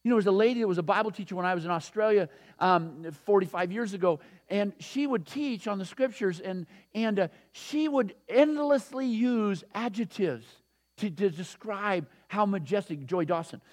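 A man in his sixties preaching a sermon, animated and repetitive, laughing often. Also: sits high, normal speed. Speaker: pastor.

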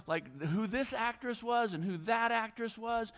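A man's voice: very high voice, a little slow, fairly bright tone. A male pastor preaching a sermon in a rambling, self-deprecating storytelling way, full of fillers and restarts. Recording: long reverb of a large hall.

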